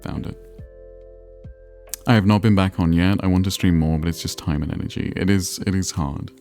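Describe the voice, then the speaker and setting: A man's voice: low voice, fairly even intonation, moderate pace, a little mellow, faint music behind. A man livestreaming, chatting casually and self-deprecatingly with his viewers as he plays a geography game. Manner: rambling, self-deprecating, answering chat messages.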